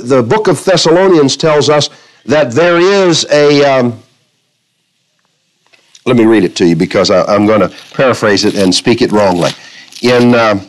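A man's voice: medium pitch, low-quality recording. A man preaching a sermon to a congregation, telling illustrations and quoting scripture with shifting emphasis. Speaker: pastor.

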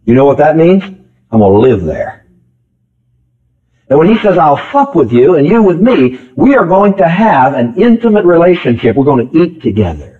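A very animated preacher with a high-leaning voice delivers a sermon at a moderate pace, hammering home repeated phrases and firing questions at his congregation. The sound comes from an old, tinny tape that resembles a phone line.

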